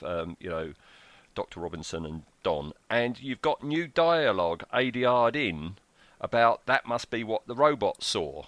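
A man's voice: lowish voice, a bit bright, no room sound. A man co-hosting a casual chat, recalling TV scenes in enthusiastic detail. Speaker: podcast co-host. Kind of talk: casual chat about a TV show.

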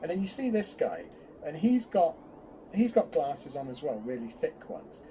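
Male co-host, mellow and warm, chatty with frequent restarts, faint background hiss. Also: fairly high pitch, normal speed. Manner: chatty, hesitant restarts, animated bursts. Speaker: podcast co-host. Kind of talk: casual fan chat.

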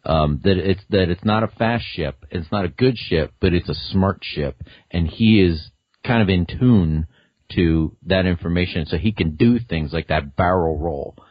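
A man guesting on a casual podcast, enthusiastic and rambling, quick to laugh. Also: low-pitched, dry recording, dull audio.

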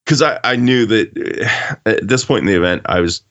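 A man co-hosting a podcast, telling stories in casual, profane, animated chat. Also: on the low side, moderate pace, lo-fi sound. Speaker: podcast co-host.

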